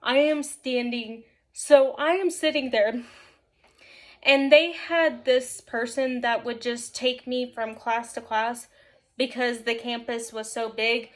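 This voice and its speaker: Brief: woman vlogger with a high voice, casual storytime, rambling, lots of "like". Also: slow. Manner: rambling, filler-heavy with frequent "like"; animated, laughs often while telling.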